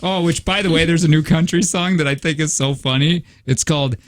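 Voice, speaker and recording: A man's voice: fairly high pitch, fairly quick. A man hosting a morning radio show, chatting casually, laughing often and acting out other people's lines while telling stories. He says he is tired. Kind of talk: casual banter. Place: radio studio.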